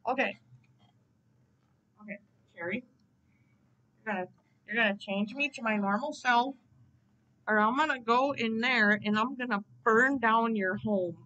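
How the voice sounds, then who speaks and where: A woman voicing a grumpy, quick-tempered bald male math teacher in his forties, indignant and threatening. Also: a little high, pushed and bright, highs cut off. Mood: exasperated.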